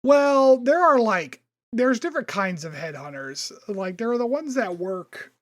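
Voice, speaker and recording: A man co-hosting a podcast, chatting casually and ranting in a profane, animated way. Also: very high-pitched, a little slow, no echo. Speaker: podcast co-host. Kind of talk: casual chat.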